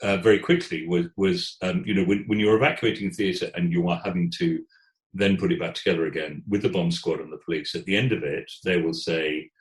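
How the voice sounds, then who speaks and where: A British theatre executive in his sixties telling stories in an interview, animated, often restarting words and quoting voices. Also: low-pitched, fairly quick, roomy sound, rough recording. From Britain. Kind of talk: conversational storytelling.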